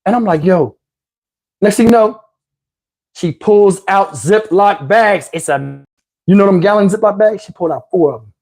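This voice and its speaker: A man hosting his channel, telling a comic story in an animated, profane way and acting out the other voices. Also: high voice, moderate pace. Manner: animated, profane, acts out every voice. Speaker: channel host.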